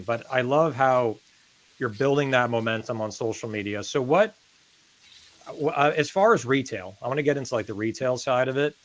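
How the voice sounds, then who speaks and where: A man's voice: medium pitch, fairly bright tone, rough recording. A man co-hosting a podcast interview, praising his guests in an enthusiastic, rambling way. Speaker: podcast co-host.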